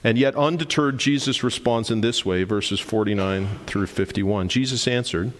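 A man preaching a sermon as pastor, earnest and emphatic, slowing down and repeating lines for stress. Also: on the low side. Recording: long reverb of a large hall.

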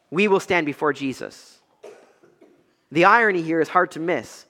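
A young man preaching an expository sermon, swinging between loud emphatic peaks and low quiet stretches. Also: expressive, moderate pace, long reverb tail. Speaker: pastor.

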